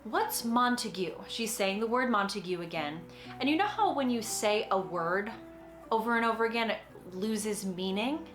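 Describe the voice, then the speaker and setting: A woman's voice: medium pitch, animated, normal speed. Young woman, acting teacher, casual tutorial, chatty explanations, light laughs, roomy echo, faint music underneath. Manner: chatty and explanatory, with frequent little laughs and acted-out quotes.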